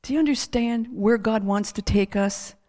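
A middle-aged woman preacher telling a testimony with lively laughter, then leading a hushed prayer. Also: a little high, moderate pace. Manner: animated storytelling with laughter, sliding into hushed prayer.

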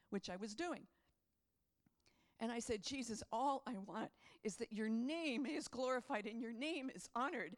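Impassioned woman preaching. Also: fairly high pitch. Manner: impassioned, rising to shouts, repeating phrases. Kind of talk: charismatic sermon.

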